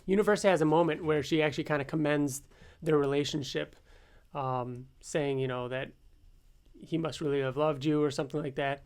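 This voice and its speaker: A man's voice: on the high side, steady tone, moderate pace, a little mellow, clean tone. Man recapping comics with many ums. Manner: summarizes plot with many ums and uhs. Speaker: podcast co-host. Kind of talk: casual comic recap chat.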